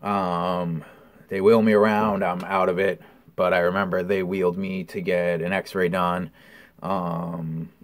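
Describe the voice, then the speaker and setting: Lowish voiced guy doing a casual recovery update vlog, lots of ums, swears a bunch. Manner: candid, profane storytelling with many ums. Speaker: vlogger.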